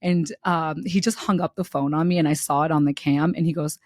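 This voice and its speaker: A young adult woman on a podcast, telling a personal story in a candid, animated way, laughing as she goes and swearing freely. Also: sits low, brisk, no room sound, clean studio sound. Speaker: podcast co-host. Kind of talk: casual podcast chat, storytelling.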